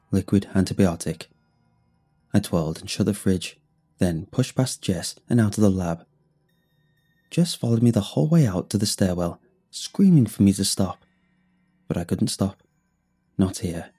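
A man giving tense, scripted first-person horror narration with hushed drops in his voice. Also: fairly low pitch, husky.

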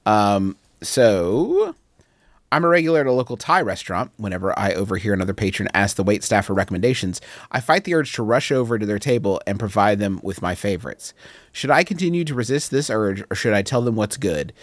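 A man's voice: on the low side, very animated, fairly quick, dry recording. Rambling, self-mocking male podcast host. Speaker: advice podcast host reading listener letters. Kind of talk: casual comedic chat.

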